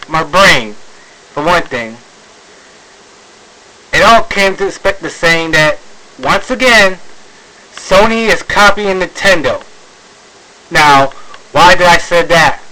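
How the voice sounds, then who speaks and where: A man's voice: sits high, sharp tone, poor audio. A man ranting in a video commentary, exasperated, sighing, with many fillers and restarts. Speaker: video blogger.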